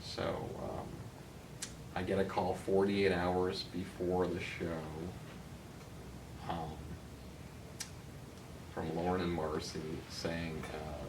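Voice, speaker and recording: A man's voice: deep voice, slow pace, long pauses. A middle-aged man, a talent manager guesting on an interview, telling anecdotes casually with lots of um and uh fillers. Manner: animated storyteller, many um and uh fillers. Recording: roomy, distant mic, noisy.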